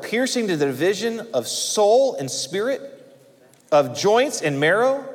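A male pastor preaching a sermon, swinging his emphasis up and dropping low at the ends of phrases. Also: long reverb tail.

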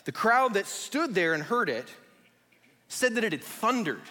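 A man's voice: sits high, a little slow. A man in his thirties preaching a sermon, explaining scripture and telling stories with acted-out quotes. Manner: animated storyteller, acts out quotes. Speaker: pastor. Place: church sanctuary. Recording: long hall reverb.

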